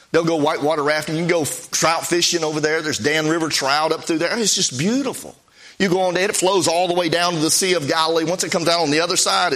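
A man preaching a sermon in a conversational, storytelling way, his pitch swinging up and down as he recounts events. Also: fairly bright tone. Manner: conversational, pitch swings up and down while telling stories.

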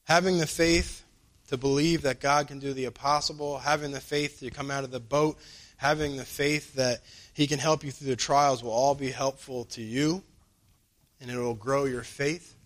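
A man preaching a sermon in a loose, everyday voice of middle pitch. He drops his pace to lean on key lines and springs upward when he voices other people in his stories. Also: normal speed. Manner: conversational, acts out quoted dialogue with lively pitch jumps.

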